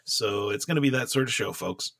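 Male podcast co-host, gravelly and forceful, chatty and rambling, coughs now and then. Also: medium pitch, fairly quick, no echo, clean studio sound. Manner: rambling, laughs often, frequent fillers. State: coughing from dry air. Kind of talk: casual chat about beer. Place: home room.

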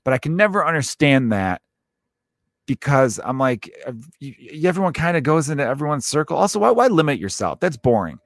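A man's voice: medium pitch, lively intonation, brisk, dry recording. A middle-aged man telling a rambling, profane comic monologue, breaking into mocking voices for the people in his stories. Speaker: comedian.

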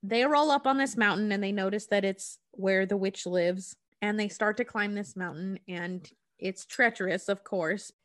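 A woman's voice: mid-range voice, moderate pace, few pauses, a bit bright. Chatty woman co-host recapping a film. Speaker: podcast co-host.

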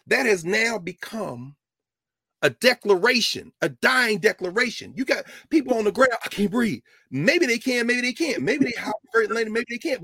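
A man giving an impassioned lecture with a preacher-like cadence, repeating phrases for emphasis and swinging from low murmurs to loud, emphatic peaks. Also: husky, dry recording, clean studio sound. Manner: informal, with y'all and ain't. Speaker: lecturer speaking to a group.

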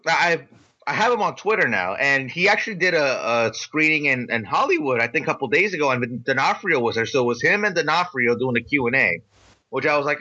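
A man on a podcast retells a story in an excitable, slangy way. His voice sits a bit high and sounds very bright and forceful. The recording is dull and lo-fi. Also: normal speed, breathy edge. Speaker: podcast co-host. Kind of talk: casual chat, animated storytelling.

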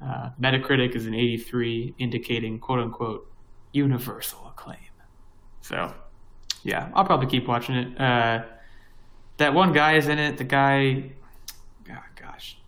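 A man's voice: medium pitch, steady tone, normal speed, a bit bright, poor audio. A young man co-hosting a podcast, chatting casually and rambling with lots of fillers and restarts. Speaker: podcast co-host. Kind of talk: casual chat.

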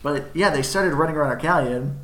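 A man telling a gaming story quickly in casual chat, laughing as he goes. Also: a little high, a bit bright. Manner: fast, laughing anecdotes with put-on voices. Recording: echoey room.

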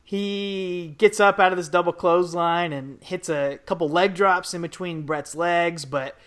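A man co-hosting a wrestling podcast, chatting easily about the match as it plays. His voice is fairly high for a man. The tone stays relaxed and conversational. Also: unhurried. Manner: easygoing, conversational. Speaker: podcast co-host. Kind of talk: casual wrestling match recap.

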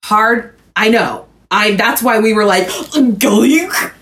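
A woman's voice: mid-range voice, steady tone, measured pace, pushed and bright. A woman in her twenties from Houston, co-hosting a podcast in casual chat, rambling with lots of "like" and frequent swearing. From Houston, Texas. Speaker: podcast co-host.

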